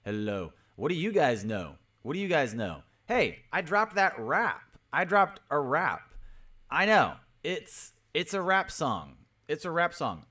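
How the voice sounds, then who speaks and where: A man's voice: a little high, huge pitch swings, unhurried. A man hosting a casual livestream, cheerfully repeating greetings and calling out viewers by name. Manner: upbeat, repetitive greetings, shouting out viewers. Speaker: crypto livestream host.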